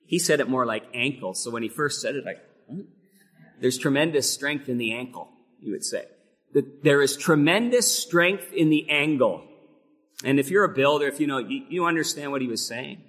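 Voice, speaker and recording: A man's voice: mid-range voice, lively intonation, normal speed, a bit bright. A man preaching a sermon, earnest and building to emphatic peaks on key phrases. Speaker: pastor. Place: church sanctuary. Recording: long hall reverb.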